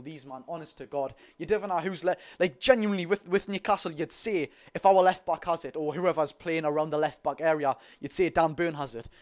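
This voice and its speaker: A young man with a Geordie accent doing a live watch-along of a football match, chatty and excitable, talking to his viewers. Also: fairly high pitch. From North East England. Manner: excitable, chatty, talks to the chat and the lads. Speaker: football fan streamer.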